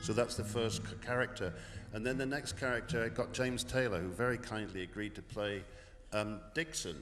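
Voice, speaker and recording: An older man, a musician guest speaking haltingly with many restarts in a radio studio interview. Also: on the low side, fairly even intonation, reverberant, long reverb tail. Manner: halting, many restarts, soft-spoken, sings with guitar. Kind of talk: relaxed interview with sung and played song snippets.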